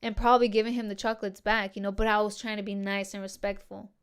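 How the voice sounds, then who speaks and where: A woman's voice: medium pitch, flat delivery, quick pace, clear, resonant tone. A woman hosting her own podcast, telling a personal story in casual slang and swearing freely as she talks to her listeners. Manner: heavy swearing and slang, addresses listeners as dude and girls. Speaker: podcast host.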